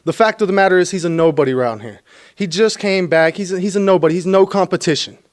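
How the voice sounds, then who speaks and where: Boastful high-voiced male wrestler. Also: quick pace. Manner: boastful, dismissive complaining. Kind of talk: wrestling promo.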